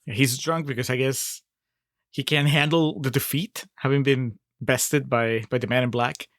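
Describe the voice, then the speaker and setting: A man's voice: mid-range voice, fairly even intonation, a little slow, a bit bright, no room sound, clean studio sound. A man co-hosting a podcast, picking apart a film with laughing, critical banter. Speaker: podcast co-host. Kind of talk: casual film discussion.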